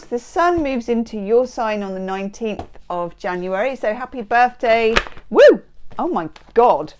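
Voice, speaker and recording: Bubbly woman reading tarot. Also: on the high side. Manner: bubbly, exclamatory and playful. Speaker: tarot reader. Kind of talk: tarot card reading to camera. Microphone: microphone close by.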